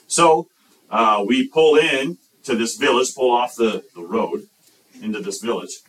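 Animated American preacher in a roomy hall. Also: male voice, mid-range voice, normal speed. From United States. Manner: animated storyteller, acts out voices and sound effects. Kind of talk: sermon storytelling. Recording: roomy, from a distance.

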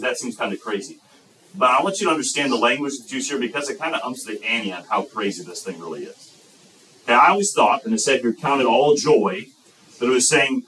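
A man preaching a sermon as pastor, lively and emphatic, breaking into excited shouts. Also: lowish voice, fairly quick, distant mic, slight background noise, rough recording.

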